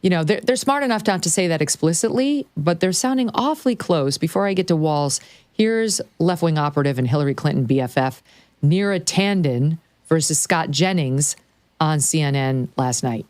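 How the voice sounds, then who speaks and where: A woman hosting a political talk show, brisk and sardonic as she sets up clips. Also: sits low, lively intonation, darkish tone, no echo.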